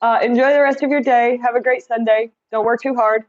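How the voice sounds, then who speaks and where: In a casual livestream, a chatty host from Indiana reads viewer comments aloud and greets viewers by name. She speaks fairly quickly in a slightly high voice with fairly even intonation, and her streaming setup mic cuts off the highs.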